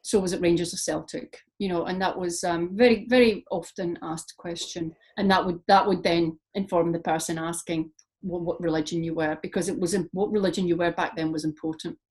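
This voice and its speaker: A woman's voice: on the low side, brisk. A woman poet from Scotland, talking reflectively in an interview and telling stories with lots of fillers. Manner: reflective, animated storytelling with frequent fillers. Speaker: poet guest. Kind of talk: interview conversation.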